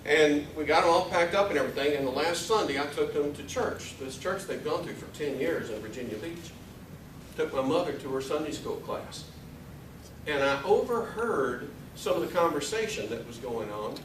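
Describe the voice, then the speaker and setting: A man's voice: a little high, lively intonation, moderate pace, fairly bright tone, slight background noise. A middle-aged man giving a humorous speech to an audience, telling a family story with timed punchlines. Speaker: speaker. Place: room with a live audience. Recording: echoey hall, mic at a distance.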